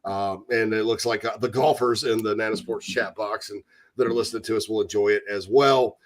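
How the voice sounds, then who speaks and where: A man hosting a casual sports talk radio show from the American South, chatty and animated, slipping into mock voices. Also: on the low side, a little fast. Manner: animated, breaks into loud mock voices and laughter.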